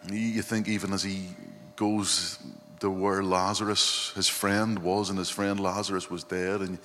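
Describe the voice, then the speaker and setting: A man's voice: deep voice, level tone, measured pace, bright, forceful tone. A male pastor giving an earnest, reflective sermon and often quoting scripture. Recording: long hall reverb, faint hum.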